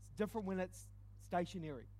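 A man preaching, telling a personal testimony in an animated storytelling way with quick dips into quiet asides. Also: sits high. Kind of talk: testimony sermon.

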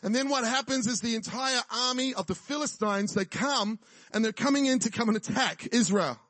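Male preacher, high voice, dry close sound, casual humor. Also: moderate pace, a bit bright, dry recording. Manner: jokey, conversational preaching with frequent "right?" and laughs. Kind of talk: sermon.

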